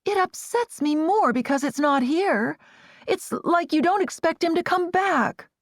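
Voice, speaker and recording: A woman's voice: expressive, measured pace, no room sound. A distressed young Amish woman, voiced by a female narrator in a storybook reading. She pleads in a raised, swinging voice. The recording is close and dry. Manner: upset, pleading, raised in pitch. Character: headstrong young Amish woman grieving her lost bird.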